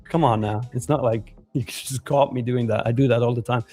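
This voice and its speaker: A man's voice: mid-range voice, fairly even intonation, a little fast, mellow. A man co-hosting a live trading stream, chatting casually and joking around with mock accents. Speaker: trading show co-host. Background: faint music.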